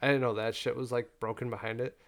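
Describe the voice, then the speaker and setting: A young man recounts a mishap in loose, casual podcast chat. He swears freely and leans on "like" constantly. His pitch sits in an ordinary middle range. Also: fast talker. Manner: profane, animated storytelling with frequent "like" fillers.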